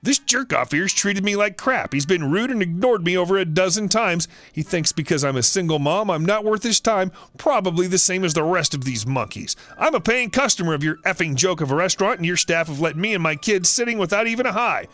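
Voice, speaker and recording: A man's voice: high voice, animated, fairly quick, hardly any pauses, a bit bright, faint music behind. Man putting on an angry entitled woman customer. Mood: ranting. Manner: ranting, swearing, accusing. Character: rude entitled woman customer, loud and demanding.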